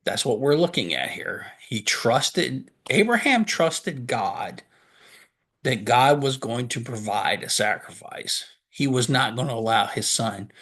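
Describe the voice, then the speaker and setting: Earnest pastor explaining scripture. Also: male voice, medium pitch, a bit bright, breathy edge. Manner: earnest, reads scripture aloud and stops to explain it; asks questions and answers them himself. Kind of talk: sermon.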